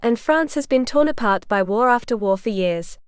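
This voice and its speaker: A woman voicing a calm, seasoned male mercenary knight, speaking steadily and gently in a smooth voice. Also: fairly high pitch, normal speed, no room sound, studio quality, close to an everyday voice. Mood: steady.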